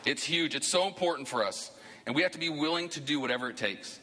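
A man's voice: fairly high pitch, lively intonation, fast talker, long reverb tail, very noisy. A man preaching a sermon to his church as pastor, talking conversationally and rising into emphatic bursts. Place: church sanctuary.

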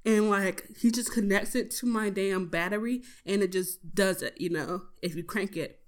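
A woman's voice: medium pitch, moderate pace. Young college girl ranting about her day, cussing a lot, laughing, super casual diary vibe. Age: young adult. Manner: animated, profane, laughs through her story.

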